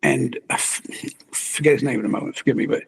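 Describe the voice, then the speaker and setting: An older man, a magazine publisher and interview guest, musing in an animated, conversational way and chuckling as he talks. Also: medium pitch, quick pace, gravelly, slightly rough.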